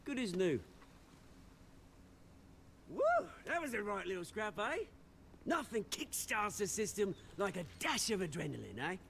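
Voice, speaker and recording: A man's voice: high-pitched, very animated, unhurried, gravelly, pauses often, sharp tone, slight background noise, full character voice. An actor with a Cockney accent playing a theatrical, scheming middle-aged man in a video game. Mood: cocky. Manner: theatrical, showy, possessive. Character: theatrical scheming middle-aged man, old friend turned gang leader.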